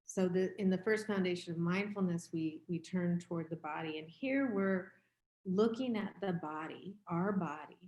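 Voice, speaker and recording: Fifty-ish woman meditation teacher, candid chatty dharma talk, lowish voice, echoey room. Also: moderate pace, a little mellow. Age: 50s. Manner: candid, reflective, conversational. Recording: roomy echo.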